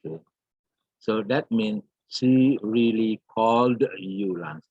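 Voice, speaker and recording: A man teaching an English grammar lesson, slowly repeating words and examples with many fillers. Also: lowish voice, a little mellow, no echo. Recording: dull, lo-fi.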